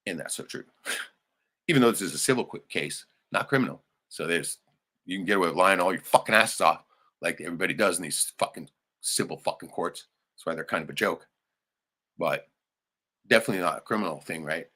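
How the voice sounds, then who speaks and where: Profane ranting man, bright low voice. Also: brisk, pauses often. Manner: profane, heated, laughing asides. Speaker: livestream host. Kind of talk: ranting livestream monologue.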